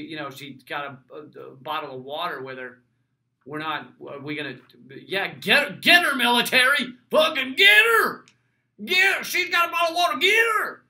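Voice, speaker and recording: A man's voice: fairly high pitch, bright, forceful tone. A man doing a hollering Southern military guy. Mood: yelling. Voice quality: strained, throaty drawl. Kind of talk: comic impression.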